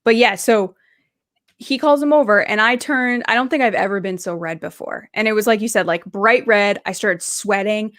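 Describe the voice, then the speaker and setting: A woman chatting casually, spinning lively anecdotes and playing out the quoted lines in them. Her voice sits at a middle pitch. The recording is close and dry. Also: normal speed, no echo. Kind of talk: casual chat.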